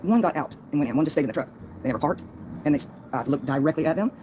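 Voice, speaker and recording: A woman's voice: sits low, lively intonation, very fast, background noise. A woman livestreaming a long, folksy, rambling monologue, laughing between thoughts.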